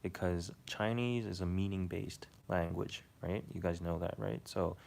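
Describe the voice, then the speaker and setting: A man chats to his live-stream audience in a slow, unhurried drawl. His low voice has a gravelly fry running through it. He rambles and hesitates, and drops the odd casual swear. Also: steady tone, darkish tone. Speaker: live streamer reading chat.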